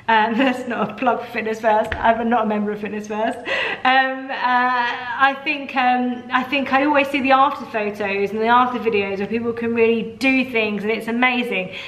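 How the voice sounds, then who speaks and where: A woman's voice: a little high, a bit bright. A woman, talking casually in a video diary, rambling and self-deprecating with plenty of restarts and asides. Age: 30s. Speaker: vlogger.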